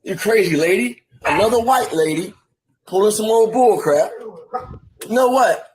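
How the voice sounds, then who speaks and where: A man's voice: sits high, lively intonation, normal speed, a little hiss or hum, poor audio. Exasperated young man laughing in disbelief. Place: outdoors outside his house.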